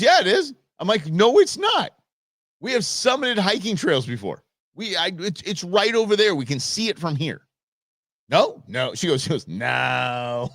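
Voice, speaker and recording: A man in his fifties hosts a show and tells a personal story in a loose, joking way. His pitch climbs and drops a lot as he acts out both sides of a conversation. His voice sits a little high for a man, and the sound is dry and close. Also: no echo. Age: 50s. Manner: animated, joking, acts out quoted exchanges. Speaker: show host. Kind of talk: casual storytelling monologue.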